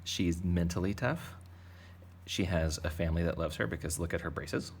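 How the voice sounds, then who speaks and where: Deep gravelly man teaching kids to draw. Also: moderate pace, slight background noise. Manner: playful, rambling, jokey. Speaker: art teacher. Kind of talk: casual drawing lesson for kids.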